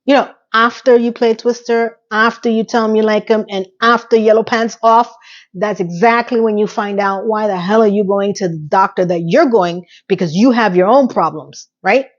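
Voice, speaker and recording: A woman's voice: fairly high pitch, lo-fi sound. A woman casually recapping a TV episode, chatty and sassy, acting out the characters' quotes. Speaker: recap host.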